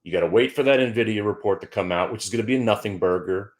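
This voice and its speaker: Quick-paced and lowish in voice, a middle-aged man hosts a stock trading show. His market commentary is casual and joking, punctuated by mock-emotional outbursts and stumbling repeats.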